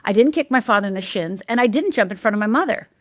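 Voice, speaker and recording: A woman's voice: mid-range voice, lively intonation, fast talker, dry recording, clean studio sound. A middle-aged woman, a life coach and podcast guest, telling a personal story candidly and emphatically, often checking in with "right?".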